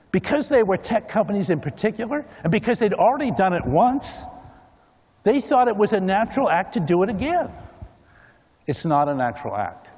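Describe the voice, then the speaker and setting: Animated man giving a keynote. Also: high voice, husky, big-room sound. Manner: animated, acts out other people's voices. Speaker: keynote speaker. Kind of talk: conference keynote talk. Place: large conference hall.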